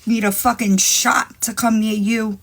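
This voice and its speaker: A woman's voice: a little high, fairly even intonation, unhurried, creaky, a little hiss or hum. A woman hosting a live stream in casual chat, brash and profane, taunting her rivals and rambling to her chat on a phone mic. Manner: rambling, talks straight to chat. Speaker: livestream host.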